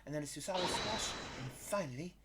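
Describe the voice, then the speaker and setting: A man voicing a polite, earnest young Japanese woman in a game playthrough, speaking in a prim, formal way over loud game music. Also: on the high side, lively intonation, fairly quick, heavy background noise, close to an everyday voice. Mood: eager.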